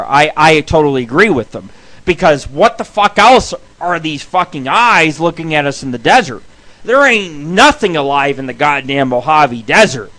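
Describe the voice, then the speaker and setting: A high-voiced man rambles through a crude, profanity-laden story, his voice bright and cutting. He is a radio host riffing off the cuff, jumping into loud shouted bursts and back.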